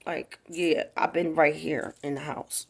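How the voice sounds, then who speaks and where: A woman's voice: sits low, steady tone, measured pace, creaky. A woman tells a casual, profane storytime to her viewers at home. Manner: profane, chatty, talks straight to viewers. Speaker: vlogger. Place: home, indoors.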